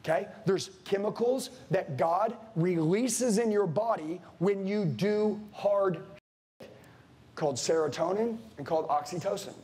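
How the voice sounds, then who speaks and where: A man's voice: sits high, unhurried, dark tone. A man in his forties giving an intense, preachy motivational sales talk to a live audience, swearing casually and speaking to the room directly. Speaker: sales trainer. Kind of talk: motivational seminar speech.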